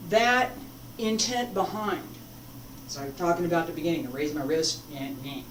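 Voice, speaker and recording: A woman teaching a martial arts form, talking slowly and stopping to demonstrate moves. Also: low-pitched, a little hiss or hum. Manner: unhurried, breaks off mid-demonstration. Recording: echoey room, mic far off.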